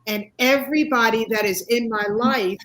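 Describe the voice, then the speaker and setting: Woman, sixties, guest, animated storyteller, motivational, slightly high voice. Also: normal speed, poor audio. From United States. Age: 60s. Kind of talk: casual interview chat.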